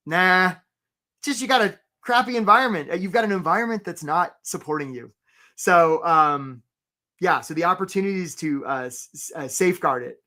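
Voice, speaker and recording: A man hosting a live career webinar. He talks with energy, keeps asking "right?" and gives quick shout-outs to viewers. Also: high-pitched. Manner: acts out voices for stories, playful.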